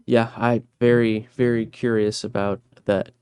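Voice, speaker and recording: Guy cohosting a podcast, mid pitch, chatty and thoughtful, dry close mic. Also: level tone, unhurried, a little mellow, smooth, no echo. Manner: thoughtful, laughs often, hesitant restarts. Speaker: podcast co-host. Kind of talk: casual chat.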